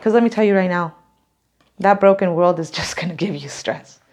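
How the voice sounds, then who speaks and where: A woman's voice: fairly low pitch, moderate pace, a little mellow. A woman doing a casual, emotional tarot reading to camera, rambling and laughing often, near tears. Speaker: tarot reader.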